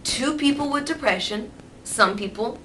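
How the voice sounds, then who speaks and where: A woman vlogging candidly, rambling and swearing freely, turning lively when she mimics others. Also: high voice, moderate pace, slight background noise, low-quality recording. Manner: animated, mimics voices in quotes. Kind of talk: candid personal vlog.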